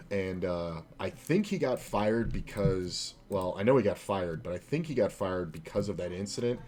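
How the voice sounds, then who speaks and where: A lowish male voice telling a story in a loose, rambling way, sprinkled with swearing and filler words. He talks casually while he plays online poker, and faint background hiss and keyboard typing sit under his voice. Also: darkish tone. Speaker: poker streamer and former casino dealer trainer.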